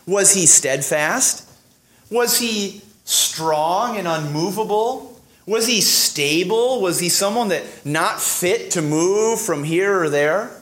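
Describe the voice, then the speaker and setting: Animated male preacher. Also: high voice, slow pace. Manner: animated, acts out dialogue, many fillers and restarts. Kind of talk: sermon.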